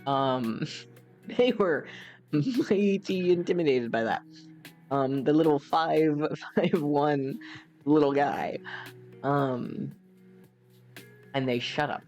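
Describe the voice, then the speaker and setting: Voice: medium pitch, lively intonation, slow pace, long pauses, a little mellow, lo-fi sound, soft background music. Chatty young gaming streamer telling a story. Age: young adult. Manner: chatty, rambling, with frequent fillers. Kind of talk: storytelling while playing a game.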